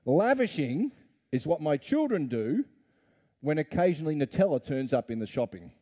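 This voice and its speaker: A man's voice: a little high, big pitch swings, moderate pace, mellow. A middle-aged man, preaching a conversational sermon full of rhetorical questions and playful asides. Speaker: pastor.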